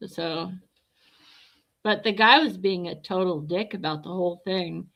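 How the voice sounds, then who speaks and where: Slow, bright-voiced woman livestreamer. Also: on the low side, gravelly. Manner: blunt, chatty, reads and answers viewer comments. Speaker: livestreamer chatting with viewers. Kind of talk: casual livestream chat.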